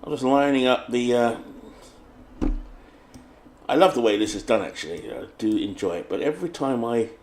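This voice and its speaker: A man's voice: mid-range voice, lively intonation, normal speed, long pauses, darkish tone, a little hiss or hum. Chatty British man calling tabletop baseball. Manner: chatty, reads lineups like a play-by-play announcer. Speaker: tabletop baseball game host. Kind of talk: casual tabletop game commentary.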